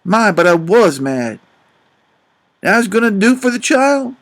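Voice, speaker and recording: A man doing Jim, a gravelly grieving father. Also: high voice, very animated, a little slow, full character voice. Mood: anguished. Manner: drawling, swells to loud outbursts. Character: grieving remorseful grown father, rough and tender. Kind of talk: audiobook character reading.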